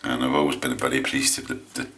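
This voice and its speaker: An English man with a low voice chatting casually while he shaves on camera, rambling and hesitant with lots of restarts. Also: little pitch movement, very fast, very noisy. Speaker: shaving vlogger.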